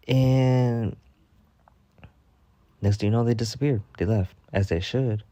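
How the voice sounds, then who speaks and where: A man's voice: medium pitch, slow pace, long pauses, dark tone, dry recording. A young man telling a mock-dramatic storytime rant in slangy, swear-filled casual talk. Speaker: storytime vlogger.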